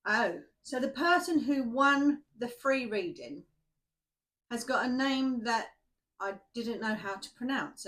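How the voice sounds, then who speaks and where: A woman's voice: fairly high pitch, a bit bright. A woman, tired and shaky after night shifts, chatting casually and rambling to viewers before a tarot reading, laughing at herself. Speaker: tarot reader.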